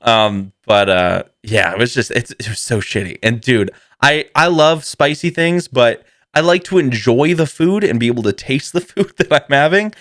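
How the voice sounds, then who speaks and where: A man's voice: mid-range voice, normal speed, a bit bright, no room sound, clean studio sound. A man hosting a podcast, telling a comedic story in a rambling way, swearing freely and laughing often. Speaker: podcast host.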